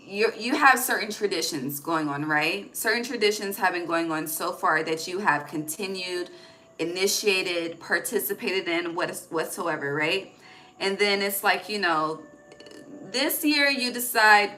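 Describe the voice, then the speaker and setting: A woman's voice: lowish voice, a little slow, sharp tone, low-quality recording. A woman giving a casual, intuitive tarot reading, chatty and profane, often checking in with "okay?", recorded on her phone. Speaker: tarot reader.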